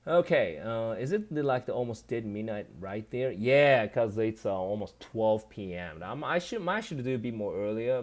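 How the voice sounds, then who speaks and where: Japanese-accented male streamer, slightly low pitch, chatty and loose, reads out viewer comments and replies. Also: a little mellow. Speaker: live streamer. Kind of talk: casual live stream chat.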